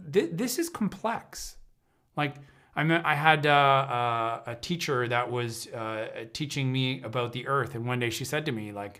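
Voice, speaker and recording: An earnest man of medium pitch gives a reflective talk to a livestream audience. He speaks as an intuitive counselor, often breaking off and restarting his sentences while he searches for how to put a thought. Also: fairly bright tone. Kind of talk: reflective spoken teaching on a livestream.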